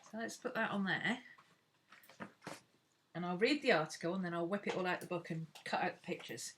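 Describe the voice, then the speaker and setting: Woman, craft live stream, casual frank chatter, bright clear tone, speaks straight to viewers. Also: on the low side, a little fast, slight background noise.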